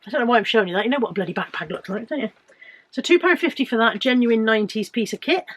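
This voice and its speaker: A British woman in her fifties talks fast in a slightly high, expressive voice. She's a reseller vlogger chatting casually and making jokes at her own expense while showing off her finds.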